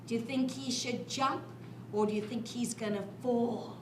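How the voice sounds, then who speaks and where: A woman's voice: fairly high pitch, moderate pace, noisy background. Playful woman storyteller in an echoey library. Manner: animated, playful, with sound effects. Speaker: children's storyteller. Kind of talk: interactive storytelling for children. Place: library room. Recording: echoey room.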